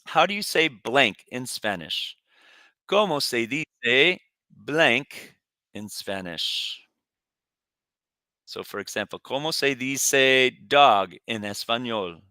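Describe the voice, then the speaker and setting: A man teaching Spanish, reading vocabulary slowly in a lowish voice so students can repeat after him. His tone is bright and smooth, recorded close in a dry room. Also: lively intonation, no room sound. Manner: pronounces words for students to repeat. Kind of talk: recorded classroom lesson.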